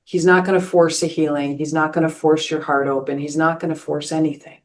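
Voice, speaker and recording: Earnest woman pastor, low voice. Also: level tone, brisk, a little mellow. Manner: earnest, many restarts and "right?" asides. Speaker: pastor and podcast host. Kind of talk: spiritual podcast talk, storytelling.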